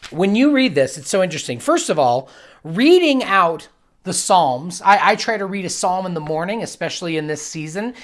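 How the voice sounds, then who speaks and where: A man's voice: high voice, sing-song, moderate pace, a bit bright. A young man, a pastor, giving an earnest and reflective devotional teaching that builds to emphatic bursts. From United States.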